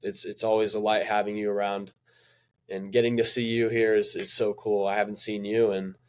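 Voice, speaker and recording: A man's voice: on the low side, little pitch movement, normal speed. A young man in college, a podcast guest speaking earnestly and hesitantly in casual chat. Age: young adult, college student. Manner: earnest, hesitant, many fillers.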